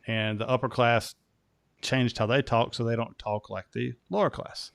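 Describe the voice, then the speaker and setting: An American man hosts a casual podcast chat, talking at a middle pitch. He rambles, restarts his sentences and leans on fillers. The sound is close and dry, with no room around it. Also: steady tone, moderate pace, gravelly, no room sound. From United States. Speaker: podcast host.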